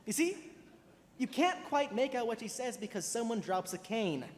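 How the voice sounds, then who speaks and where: A man's voice: extremely high pitch, sing-song, moderate pace. A young man playing a lonely middle-aged musical fan who confides in the audience in a wry, musing way. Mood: wistful. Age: teens. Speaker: narrator. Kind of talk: stage musical acting. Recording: reverberant auditorium stage.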